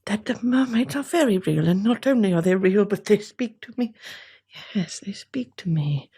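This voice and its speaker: A woman's voice: mid-range voice, expressive, fairly quick, breathy edge. Woman doing a whispery paranoid mermaid believer. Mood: conspiratorial. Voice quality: hushed, conspiratorial. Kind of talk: whispered role-play.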